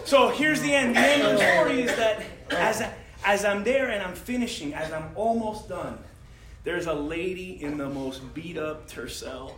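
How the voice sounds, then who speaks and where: A man telling a comic story, animated and laughing as he goes, with plenty of slang. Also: high voice, normal speed, background noise. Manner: animated, laughing through his lines, slangy with lots of "bro". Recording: roomy sound with loud audience laughter.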